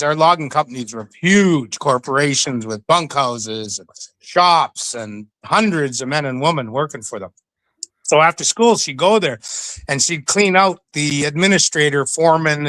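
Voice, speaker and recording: A middle-aged man from western Canada tells stories as an interview guest, lively and chatty, and he often slips into other people's voices. His voice is a little high and bright, with a forward edge. The sound is close and dry. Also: no echo. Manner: animated storyteller who acts out the voices. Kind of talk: casual storytelling.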